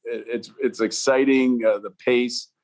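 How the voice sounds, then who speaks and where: Middle-pitched man in his fifties, a retired hockey pro on a podcast, easygoing and rambling. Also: unhurried. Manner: relaxed, rambling, many "you know" fillers and restarts. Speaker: former hockey player and coach, guest. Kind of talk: storytelling in a podcast interview.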